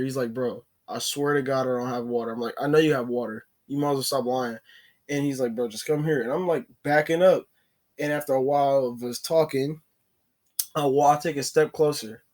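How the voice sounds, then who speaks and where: A man recounts a story in a loose, casual way, his voice sitting at an ordinary middle pitch. He fills the telling with "like" and often stops to correct himself partway through a sentence. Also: darkish tone. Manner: rambling, many "like" fillers and self-corrections. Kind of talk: casual story-time narration.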